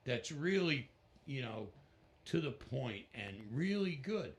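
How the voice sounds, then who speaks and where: A man's voice: medium pitch, slow pace. A middle-aged man and guest musician who tells stories in a casual interview, acting out other people's voices. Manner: animated storyteller, acts out the voices of others.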